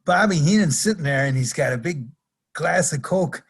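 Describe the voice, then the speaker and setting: A man's voice: a little high, lively intonation, moderate pace, breathy edge. An older man, a podcast guest, telling rambling anecdotes in a casual interview and chuckling at his own stories. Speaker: podcast guest, retired wrestler.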